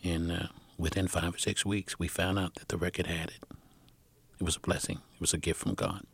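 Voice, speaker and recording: A man recounts an old tour story in an interview, his voice fairly low and the sound close and dry. He rambles, restarts and jumps into the voices of the people he describes. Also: a little fast, vocal fry, breathy edge, dry recording. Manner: animated storyteller who acts out the people in his stories.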